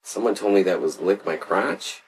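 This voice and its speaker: A man's voice: low voice, moderate pace, gravelly, husky. A man co-hosting a podcast in casual banter, with crude jokes and teasing jabs at his friend. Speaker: podcast co-host.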